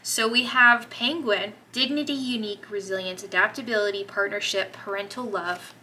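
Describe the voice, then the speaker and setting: A woman giving a gentle, encouraging tarot reading to her viewers, gushing over the cards as she turns them. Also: medium pitch, steady tone, moderate pace, a little hiss or hum, rough recording. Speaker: tarot reader.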